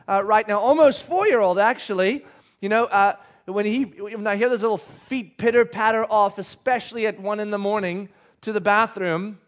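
A male pastor giving a sermon to a live congregation, conversational and joking, often asking the crowd questions. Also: high voice.

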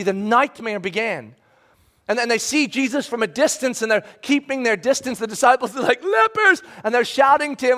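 A man preaching a sermon with passion, acting out the voices of people in his stories and swinging between loud bursts and hushed lines. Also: very high voice. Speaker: pastor.

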